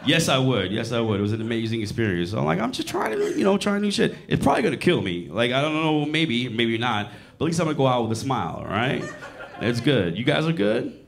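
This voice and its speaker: A man in his late forties doing a crude, animated stand-up set in a comedy club, bantering with the audience. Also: mid-range voice, fast, creaky. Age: 40s.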